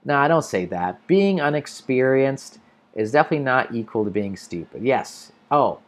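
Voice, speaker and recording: A man's voice: mid-range voice, big pitch swings, normal speed. An American man hosting an English-learning livestream, casually answering viewer comments and thinking aloud with restarts. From United States.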